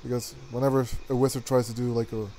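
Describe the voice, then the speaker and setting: A man playing a tabletop game, suspicious and quick to swear. His voice sits in a middle range, with faint room noise behind. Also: mid-range voice, level tone, dark tone. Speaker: player. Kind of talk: tabletop game role-play.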